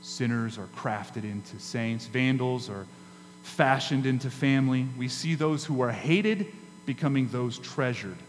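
A man preaching a sermon as pastor, emphatic, with dramatic pauses and rises in his delivery. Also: medium pitch. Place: church sanctuary. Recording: hall reverb with faint mains hum.

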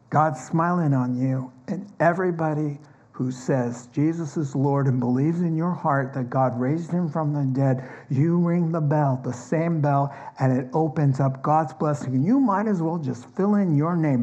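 A man preaching a sermon as pastor, earnest and emphatic, explaining scripture step by step in a conversational teaching tone. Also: muffled recording. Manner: earnest, emphatic preaching that climbs higher and louder on key points. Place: church.

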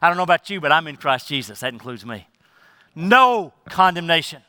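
Male pastor, sermon, high bright voice, emphatic preaching with soft low asides, dry close sound. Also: lively intonation, rapid-fire, no room sound.

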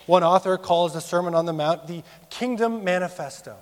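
A man in his thirties preaching a sermon, rising sharply for emphasis and dropping low and quiet on serious points. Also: normal speed, big-room sound. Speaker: pastor.

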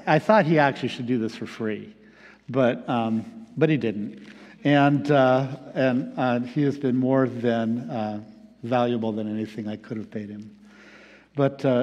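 A man preaching a reflective sermon as pastor, pausing often with fillers. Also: medium pitch, a little mellow. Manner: reflective, halting with many fillers. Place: church sanctuary. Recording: long reverb of a large hall.

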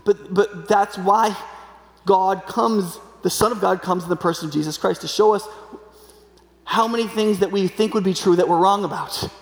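A man in his forties preaches in a big echoing hall, his voice fairly high and edged with gravelly fry. He talks conversationally, keeps checking in with "right?", and jumps higher when acting out what people say. The long reverb of the sanctuary trails behind every phrase. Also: normal speed. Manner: acts out quoted voices with sudden pitch jumps. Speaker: pastor. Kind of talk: sermon.

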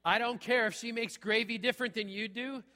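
Middle-aged male pastor, bright high-set voice, punchy conversational preaching, live church sound with long reverb. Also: fairly even intonation, a little fast. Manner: punchy, repeats "okay?" often. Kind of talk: sermon. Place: church sanctuary.

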